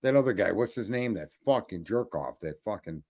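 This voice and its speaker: A man's voice: fairly low pitch, expressive, brisk, darkish tone. A man co-hosting a casual political chat, rambling, swearing often and restarting his sentences. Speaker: podcast co-host.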